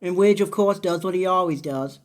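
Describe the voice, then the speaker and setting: A woman's voice: on the low side, a little fast. A woman in her twenties giving a blunt, opinionated, rambling review of a soap opera episode in casual chat. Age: 20s.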